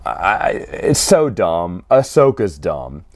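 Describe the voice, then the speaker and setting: A man's voice: low-pitched, sing-song. Man, casual solo comic reviewer, rambling, chatty delivery. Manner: chatty, rambling, frequent restarts and quick acted quotes.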